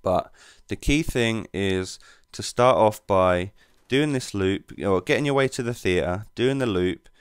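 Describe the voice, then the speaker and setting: A man giving relaxed, rambling commentary over his gameplay as the channel's host. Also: on the low side, measured pace, smooth, no echo, clean studio sound.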